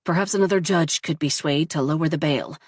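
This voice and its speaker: A woman's voice: low-pitched, a little fast, husky, dry recording, studio quality. A woman voicing an earnest, persistent middle-aged male defense lawyer who speaks formally and keeps pressing his point, in a storybook narration.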